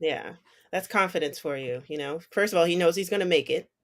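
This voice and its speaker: An American co-host on a music podcast, chatting casually, agreeing readily and quick to laugh. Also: mid-range voice, fairly bright tone. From United States. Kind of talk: casual chat.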